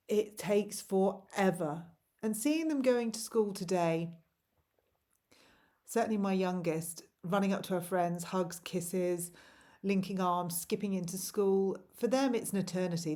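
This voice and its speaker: A woman's voice: medium pitch, a little mellow. A woman in her forties, a parent vlogger, delivers an impassioned, pleading monologue to camera full of rhetorical questions.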